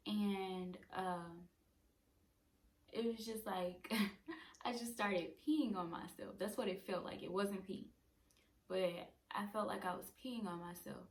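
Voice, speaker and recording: A young woman in her twenties casually telling a personal story at home, chatty and animated. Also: medium pitch, slow pace. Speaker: vlogger. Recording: roomy echo.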